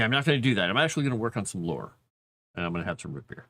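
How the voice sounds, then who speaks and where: A man's voice: on the low side, big pitch swings, racing, pushed and bright. A man casually chatting with viewers on a livestream, playful and rambling as he talks. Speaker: streamer and game writer.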